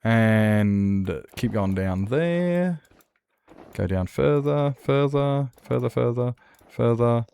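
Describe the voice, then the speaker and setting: A man's voice: medium pitch, expressive, takes it slowly, vocal fry, dark tone, clear, resonant tone. An Australian man chatting casually and joking with his chat while streaming a building game. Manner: joking, self-mocking banter with chat.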